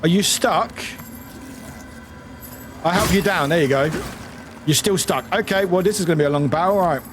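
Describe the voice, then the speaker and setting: A British streamer who talks through a game live, exclaiming and repeating lines. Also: male voice, high-pitched, moderate pace, soft background music. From United Kingdom. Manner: excitable, exclaiming and repeating itself. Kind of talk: live gameplay commentary. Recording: noisy stream audio.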